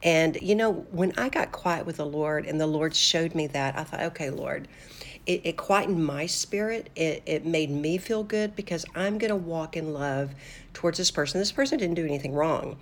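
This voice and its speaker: A woman's voice: sits low, moderate pace. An older woman hosting a devotional talk show, speaking earnestly and conversationally with fillers and restarts. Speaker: host of a faith talk show.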